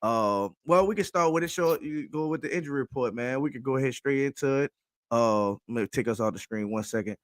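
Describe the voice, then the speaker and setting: A man, co-hosting a sports podcast and hyping up viewers with slangy shout-outs. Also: mid-range voice, a little fast, no room sound, clean studio sound. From New Orleans. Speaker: podcast co-host. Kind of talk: casual sports podcast chat.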